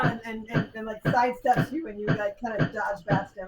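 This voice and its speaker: A woman with a fairly high voice talks briskly and with few pauses while game-mastering a live tabletop game on a convention stage. Over the loud crowd in the hall, she lively acts out the fight and explains rules, dropping in ums.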